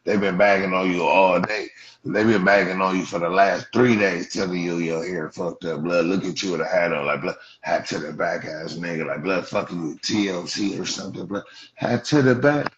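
Brief: deep male streamer, Los Angeles Black English, profane roast, keeps saying "blood", lo-fi sound. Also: steady tone, brisk, a little hiss or hum. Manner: profane, mocking, repeats "blood" constantly. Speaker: livestream host. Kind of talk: roasting callers on a livestream. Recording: dull lo-fi stream audio.

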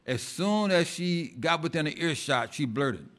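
A male pastor preaching an impassioned sermon in a church, swinging between loud outbursts and hushed asides and often repeating words. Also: on the high side, lively intonation, a little slow.

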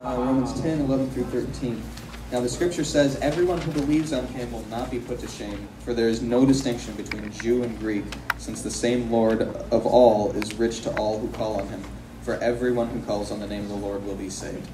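A man reads bible verses aloud, quiet and steady. He is far off in an echoey room with clear room ambience behind him. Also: medium pitch, brisk, background noise. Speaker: scripture reader. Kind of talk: reading scripture aloud.

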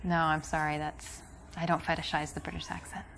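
An American woman on a date in a video game, dry and unimpressed, in a lowish voice. She answers flatly and keeps her distance. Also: a little fast, vocal fry, a little hiss or hum. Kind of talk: scripted game dialogue.

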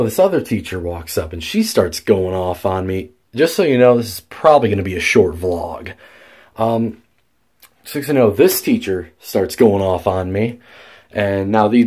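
A man's voice: on the low side, darkish tone. A young man telling a story in a casual vlog, rambling with many fillers and restarts and swearing freely. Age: young adult. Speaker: vlogger.

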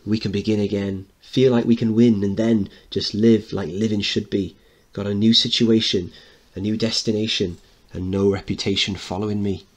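A man's voice: lowish voice, normal speed, husky. A man reading a play aloud, singing the part of a brash, hopeful working-class mother. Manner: sings loud and bold, puts on a posh voice.

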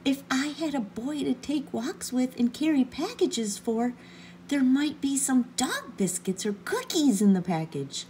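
A woman's voice: high-pitched, big pitch swings, a little slow, warm tone, slight background noise, voice pushed up. A woman voicing an eager, polite little male puppy in a storybook reading. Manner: hopeful, polite, chatty.

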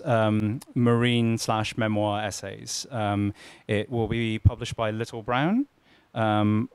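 A man introducing a fellow writer at a literary reading, halting with frequent ums but admiring. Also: medium pitch, smooth, dry recording. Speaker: mentor introducing a reader. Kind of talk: event introduction.

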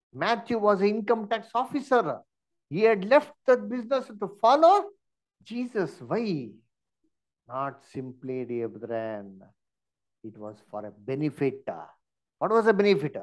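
A man teaching an online Bible study, asking many rhetorical questions and using many fillers. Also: fairly high pitch.

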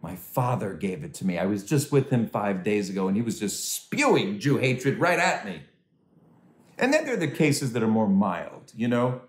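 A man doing a stand-up comedy set from home over a video call, animated and swooping into high voices for quoted people. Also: normal speed, roomy sound. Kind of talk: stand-up comedy set for a virtual charity dinner.

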